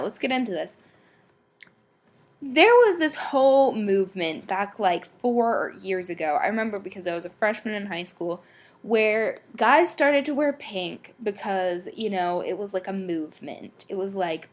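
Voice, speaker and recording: A young woman hosting a podcast, chatting casually and bluntly with lots of swearing, ums and likes. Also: mid-range voice. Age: young adult. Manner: blunt, swears a lot, rambling; filler-heavy, many ums and likes. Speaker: podcast host. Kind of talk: casual solo podcast chat.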